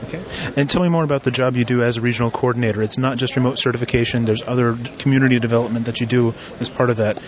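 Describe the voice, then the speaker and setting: A man's voice: medium pitch, fairly even intonation, rapid-fire, hardly any pauses. Chatty male interviewer, fillers and restarts. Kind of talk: casual interview.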